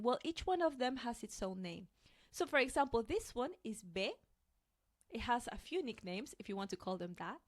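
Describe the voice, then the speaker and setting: A woman's voice: a little high, lively intonation. Patient woman teaching Spanish sounds. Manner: patient, models sounds slowly and repeats them. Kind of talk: online pronunciation lesson.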